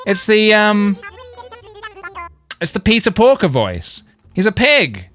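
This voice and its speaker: A man's voice: high-pitched, huge pitch swings, slow pace, fairly bright tone, faint music behind. A man streaming a video game, chatting playfully and joking with his viewers. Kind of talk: casual gaming livestream chat.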